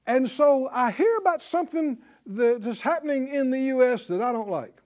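A man preaching a sermon in a high voice. His pitch leaps and swoops as he acts out little scenes. He calls out to the congregation and waits for them to answer. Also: moderate pace. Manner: animated storytelling, acting out dialogue; call-and-response with congregation.

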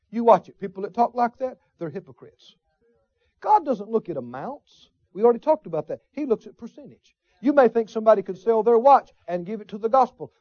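High-pitched, animated preacher man. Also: no echo. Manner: animated preaching with folksy asides and call-and-response. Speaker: pastor. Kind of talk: sermon. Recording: dull, slightly lo-fi sermon recording.

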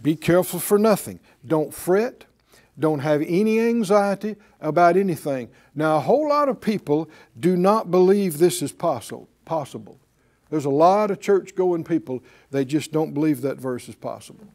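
A man's voice: fairly high pitch, expressive, moderate pace, darkish tone. A man preaching a sermon as pastor, drawing responses from the congregation with rhetorical questions and repeated key phrases.

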